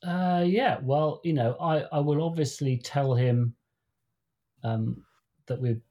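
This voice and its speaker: In a laid-back podcast conversation, a male co-host takes his time with a long, wandering tale, restarting frequently and voicing the characters he quotes. His medium-pitched voice is warm and slow.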